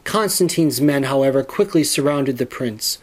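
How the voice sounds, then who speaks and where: A man narrating a storybook in a steady, measured reading voice. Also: medium pitch.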